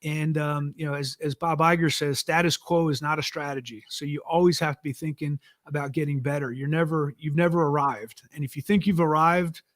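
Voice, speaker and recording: A middle-aged man, an author and former executive, talking in a relaxed, conversational way with frequent fillers in an interview. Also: a little high, brisk, few pauses, no echo, studio quality. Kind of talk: casual interview talk.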